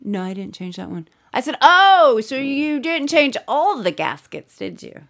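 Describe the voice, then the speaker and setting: A woman's voice: high-pitched, measured pace. A middle-aged mother chatting casually, telling a story with lots of acted-out quotes and frequent swearing. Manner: animated storyteller acting out quotes, swears often. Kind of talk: casual podcast chat.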